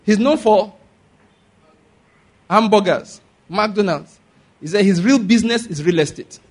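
Male pastor, husky higher voice, animated sermon delivery with call-and-response. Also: a little slow.

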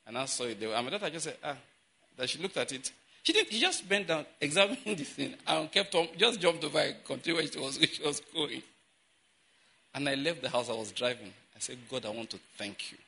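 A male pastor with a bright, ringing voice, preaching and telling his congregation a lively personal story. He keeps checking that they follow him and tosses them rhetorical questions. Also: medium pitch, vocal fry, breathy edge.

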